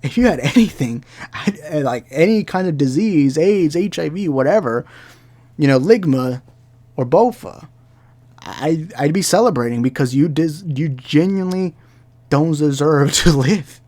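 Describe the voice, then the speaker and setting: A man's voice: fairly high pitch, animated, measured pace, a little mellow. A young man giving heated commentary, ranting and repeating himself as he talks. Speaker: commentary YouTuber. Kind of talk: angry reaction commentary.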